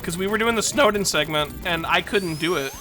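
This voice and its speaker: A woman's voice: lowish voice, a little fast. A woman streaming a video game, chatting casually and rambling, self-deprecating and laughing often. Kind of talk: casual gaming stream chat. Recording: game music behind.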